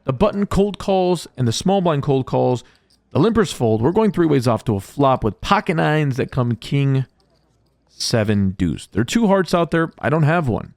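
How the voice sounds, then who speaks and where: A man's voice: medium pitch, lively intonation, moderate pace, a little mellow, no echo, studio quality. A man narrating his poker hands as a vlog voice-over, upbeat and jokey in a play-by-play way. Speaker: poker vlogger. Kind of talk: voice-over hand recap.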